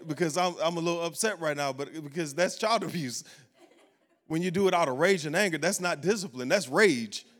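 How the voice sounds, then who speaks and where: A male pastor delivers a sermon in a church sanctuary, his voice sitting a touch higher than most men's. He preaches emphatically, repeating key phrases to drive each point home. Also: a little fast, fairly bright tone.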